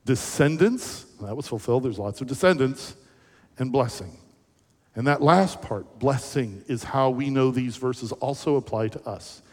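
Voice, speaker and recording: Man preaching a lively sermon. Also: medium pitch, a little slow, slightly rough. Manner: animated, conversational storytelling with questions to the audience. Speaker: pastor. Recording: echoey hall reverb.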